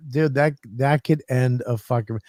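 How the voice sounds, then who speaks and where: A man co-hosting a podcast, telling profane, animated stories in casual comedic chat. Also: medium pitch, slow, no echo, clean studio sound. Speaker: podcast co-host.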